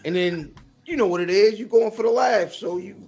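A man's voice: high-pitched, a little fast, a little mellow, soft background music. A man co-hosting a podcast in casual, slangy chat, laughing often and slipping into mimicked voices. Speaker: podcast co-host.

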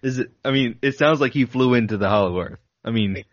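A man's voice: medium pitch, a little fast, dry recording, lo-fi sound. A man co-hosting a podcast, reading a flight log aloud with dramatic emphasis, chuckling between passages. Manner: dramatic reading with laughs breaking in. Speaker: podcast co-host.

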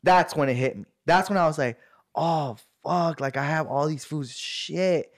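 A man's voice: on the high side, a little slow. Guy rambling thru a story to his friends, lots of slang, does little voices for people. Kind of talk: casual chat.

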